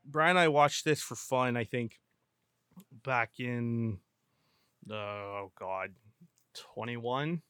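A man's voice: mid-range voice, slow pace, pauses often, fairly bright tone, smooth, no room sound, studio quality. A man co-hosting a podcast, rambling and correcting himself as he talks. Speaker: podcast co-host. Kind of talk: casual chat.

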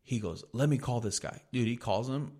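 A man's voice: mid-range voice, moderate pace, darkish tone. A young man telling a story casually on a podcast, laid-back and swearing freely, with lots of "like". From United States. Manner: laid-back, profane, peppered with "like". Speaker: podcast host.

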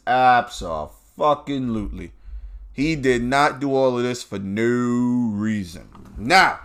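New man, podcast host, blunt, heated, swearing rant, medium-pitched voice, in a car. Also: pushed and bright. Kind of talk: profane ranting commentary.

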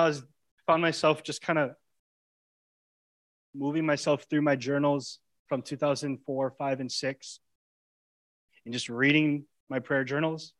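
A man in his thirties, a pastor preaching with passion, his colloquial talk swinging from loud urging to hushed intimacy. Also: fairly high pitch. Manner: colloquial preaching, casual grammar. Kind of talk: sermon.

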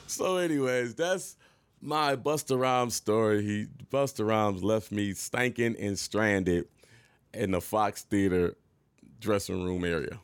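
A man in his thirties casually telling an animated story to camera, laughing and jumping high when he quotes himself. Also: slow, pauses often, clean tone, dry recording. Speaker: vlogger.

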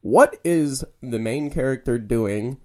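A man's voice: mid-range voice, animated, slow pace, darkish tone. A young man co-hosting a casual podcast, joking and swearing while running movie trivia with a friend. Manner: laughing, swearing, playful quizmaster. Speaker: podcast co-host. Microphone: handheld camera.

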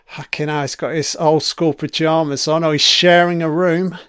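A man's voice: fairly high pitch, flat delivery, moderate pace, a bit bright, smooth, no echo, clean studio sound. A man giving a casual, profane commentary while watching a TV series, chatty and reacting as he goes. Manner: sweary, chatty, reacting to the screen.

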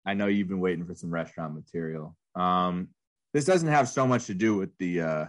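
A man's voice: deep voice, brisk. A man co-hosting a podcast in casual chat, laughing often and rambling through his stories with restarts. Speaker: podcast co-host.

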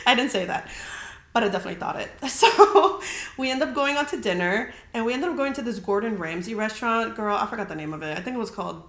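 In a roomy, echoing space, a young woman podcast host tells a chatty story, leaning hard on "like" and swearing freely. Her voice is mid-range with lively intonation, fast and a bit bright.

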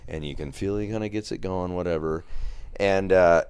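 Deep-voiced man telling a raunchy story. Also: moderate pace, clean tone, no echo. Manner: animated, swearing, acts out quoted lines. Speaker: podcast guest. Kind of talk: casual profane storytelling. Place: podcast studio.

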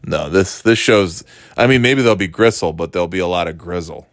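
A man's voice: sits low, brisk, no echo, clean studio sound. Joking man rambling in casual chat. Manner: joking, rambling, makes up words.

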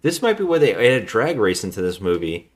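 A man hosting a podcast, casually retelling a movie plot in a rambling, relaxed way. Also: on the low side, fairly quick. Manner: rambling, relaxed storytelling with frequent restarts. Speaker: podcast host.

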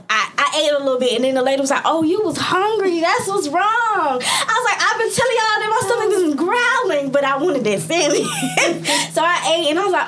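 A woman hosting a podcast, telling a story in lively casual chat, laughing often and acting out what people said. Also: sits high. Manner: animated, laughs often, acts out quotes. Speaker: podcast host.

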